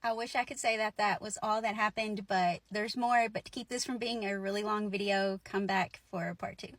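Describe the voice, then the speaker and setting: A woman's voice: mid-range voice, steady tone, moderate pace, a bit bright, dry recording. A woman in her forties telling a personal ghost story in a casual, chatty way, laughing now and then and filling her lines with "like" and "right?". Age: 40s.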